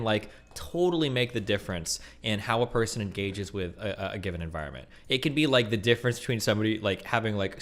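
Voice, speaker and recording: A man's voice: medium pitch, a bit bright. A man streaming, giving casual reaction commentary in a rambling, profane way with many fillers and restarts.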